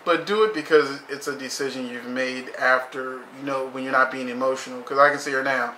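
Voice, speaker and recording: A man's voice: medium pitch, fairly even intonation, fairly quick, bright, forceful tone, a little hiss or hum. Blunt, profane man in an echoey room. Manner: blunt and profane, says "you know" constantly. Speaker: TV episode reviewer. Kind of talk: casual review commentary.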